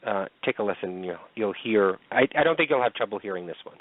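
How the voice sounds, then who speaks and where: Male radio co-host, casual and repetitive, low voice, phone-quality sound. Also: expressive, fast, no room sound. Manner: plain and repetitive, with many ums. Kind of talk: casual radio talk, explaining evidence. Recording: dry, phone-like line.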